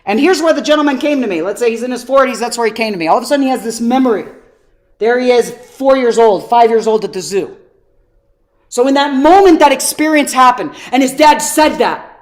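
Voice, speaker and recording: Animated, fairly high-voiced woman coach. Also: a little fast. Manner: animated storytelling, rhetorical questions. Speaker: personal development coach. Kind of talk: teaching an online workshop.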